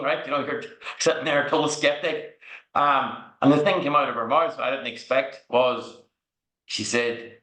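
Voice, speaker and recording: A man's voice: mid-range voice, normal speed, pushed and bright. An Irish man as a podcast guest, telling frank, rambling stories and checking in with "right?" as he goes. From Ireland. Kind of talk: candid storytelling interview. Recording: echoey room recording.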